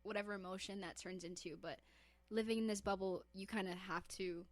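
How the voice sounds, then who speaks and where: A woman chats casually as a podcast co-host, playful and quick to tease. Her voice sits at a middle pitch. The room is dry, with no echo. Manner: teasing, animated, laughs often. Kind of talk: casual chat.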